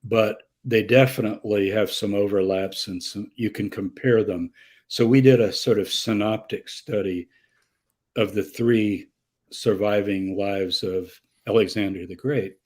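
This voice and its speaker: A man's voice: fairly low pitch, fairly even intonation, unhurried, a little mellow. An older man, a guest scholar in a live conversational Q&A, telling stories animatedly, acting out quoted voices and laughing often. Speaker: guest scholar answering audience questions.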